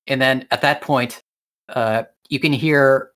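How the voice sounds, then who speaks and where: A man narrating as game master for a tabletop game, halting and unhurried with frequent fillers. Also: mid-range voice, a bit bright.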